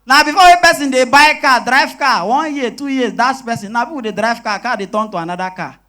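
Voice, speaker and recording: A young man with a Nigerian accent doing stand-up comedy in Pidgin, animated and switching voices for his characters. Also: very high voice, brisk. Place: live comedy show stage.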